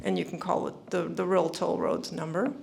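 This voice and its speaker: A woman's voice: fairly low pitch, flat delivery, moderate pace, gravelly, a little mellow. A woman giving an earnest, informal presentation on avoiding scams, repeating her warnings and using many fillers. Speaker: speaker at a senior scam-prevention summit.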